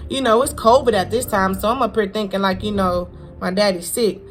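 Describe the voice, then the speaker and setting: A young vlogger speaks at an ordinary mid pitch, telling a personal story to camera. She talks in a halting, heartfelt way, repeats herself and uses casual slang. Soft music plays faintly underneath. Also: steady tone. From Florida.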